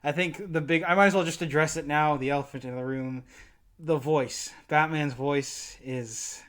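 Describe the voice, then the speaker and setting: A man with a somewhat high speaking voice, chatting casually about films. He rambles a bit, corrects his own mix-ups and breaks into easy laughter. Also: fairly even intonation, normal speed, fairly bright tone. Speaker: podcast co-host. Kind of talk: casual film discussion.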